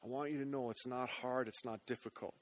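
A male pastor preaching a sermon in church, earnest, dropping to hushed tones and rising to loud appeals. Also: medium pitch, fairly even intonation, brisk.

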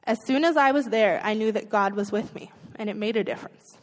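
A woman's voice: fairly high pitch, a little fast. Earnest woman preaching in a reverberant hall. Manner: earnest, conversational preaching with rhetorical questions. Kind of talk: sermon.

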